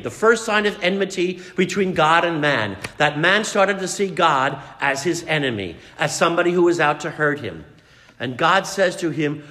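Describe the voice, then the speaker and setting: A man's voice: fairly high pitch, animated, normal speed, bright, forceful tone, big-room sound. A man preaching a sermon, telling the story dramatically and putting questions to his congregation.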